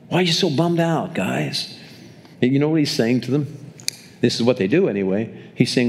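A man's voice: medium pitch, animated, moderate pace, vocal fry. An older man giving a sermon as a pastor, telling stories in a conversational way and often restarting and repeating words. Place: church, speaking to a congregation.

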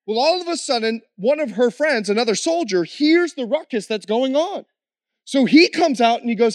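A man, a missionary, tells his story in an animated way with frequent laughs, then slows into an earnest prayer. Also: very high-pitched, no echo, clean studio sound. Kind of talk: testimony story ending in prayer.

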